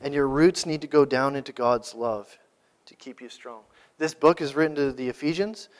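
A man's voice: mid-range voice, moderate pace. A man preaching a sermon, asking rhetorical questions and building to emphatic peaks. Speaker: pastor.

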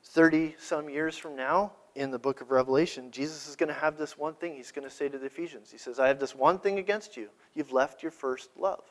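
Man preaching a sermon, fairly high voice. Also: brisk, few pauses. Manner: preaching with rising emphatic peaks and rhetorical questions. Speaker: pastor.

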